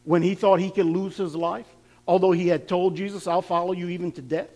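A man's voice: high voice, fairly even intonation, a little fast, a little mellow. A man preaching a sermon, laughing now and then and building up to emphatic, repeated lines.

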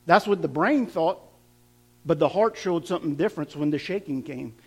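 High-voiced preacher with a lilt. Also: male voice, animated, moderate pace, slightly rough. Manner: builds to emphatic repetition, with laughs and asides. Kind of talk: sermon.

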